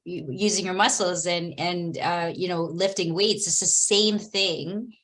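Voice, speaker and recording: A woman's voice: fairly low pitch, steady tone, a little slow, fairly bright tone. A woman psychotherapist, a guest on an online interview, answering animatedly and acting out quoted voices over a video call.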